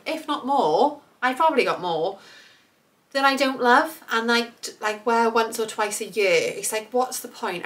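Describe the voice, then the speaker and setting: Chatty, slightly hoarse British woman vlogger. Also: medium pitch, sharp tone, low-quality recording. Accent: British English. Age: 30s. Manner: chatty, rambling, enthusiastic, many fillers. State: slightly hoarse, recovering from illness. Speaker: fashion vlogger. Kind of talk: casual try-on haul chat.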